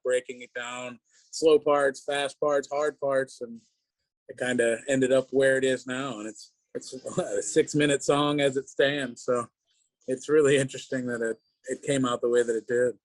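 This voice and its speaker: Male band member, easygoing storyteller, mid-pitched, dry recording. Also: no room sound, poor audio. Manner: relaxed, rambling, lots of "you know". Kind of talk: casual interview chat.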